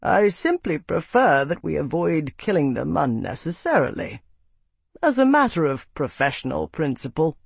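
A man reading an audiobook, voicing a measured, wry male knight officer. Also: on the high side, big pitch swings, creaky, slightly rough, no echo, heavily acted. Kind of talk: audiobook character voice.

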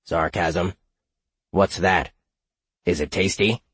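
A man's voice: sits low, steady tone, takes it slowly, fairly bright tone, slightly rough, dry recording, exaggerated voice. A man voicing a naive, childlike mimic monster that speaks plainly and bluntly, in an audiobook. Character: naive, literal-minded mimic treasure-chest monster. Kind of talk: audiobook character voice.

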